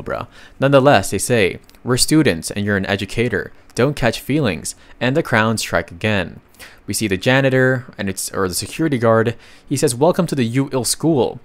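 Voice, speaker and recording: A man narrating a comic story recap in a casual, chatty way, reading the characters' lines aloud and adding slangy asides. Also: fairly low pitch.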